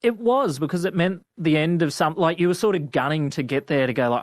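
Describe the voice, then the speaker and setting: A man's voice: fairly high pitch, a little fast, hardly any pauses, dry recording. A young Australian man, a rural vet, telling stories in an interview, laid-back and rambling with lots of fillers. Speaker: guest, outback vet. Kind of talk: storytelling interview.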